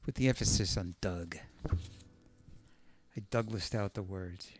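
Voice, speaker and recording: A man's voice: medium pitch, clear, resonant tone. A man, a guitarist hosting a live stream, chatting casually with viewers, rambling, thinking aloud and making self-deprecating jokes. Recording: loud guitar playing behind the voice.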